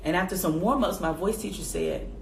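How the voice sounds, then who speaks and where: A woman in her twenties telling a personal faith story straight to her viewers, calling them y'all and acting out her own past reactions in a high voice. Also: a little fast, vocal fry. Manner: addresses viewers directly as y'all. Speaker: faith vlogger. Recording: echoey room with faint background noise.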